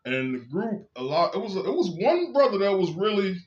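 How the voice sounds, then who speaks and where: A man's voice: high voice, very animated, fairly quick, highs cut off. Blunt, profane man with a raised voice. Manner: blunt and profane, emphatic storytelling. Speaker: vlogger. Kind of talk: candid personal monologue.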